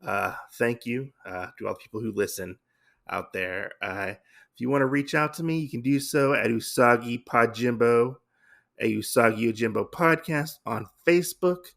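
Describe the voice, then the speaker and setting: A man with a gravelly, creaky voice hosts a laid-back podcast. He recaps a comic story loosely, full of "uh"s and self-corrections. His pitch sits in an ordinary middle range. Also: moderate pace, a bit bright. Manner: rambling, many fillers and restarts. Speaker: podcast host. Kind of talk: casual comic book recap.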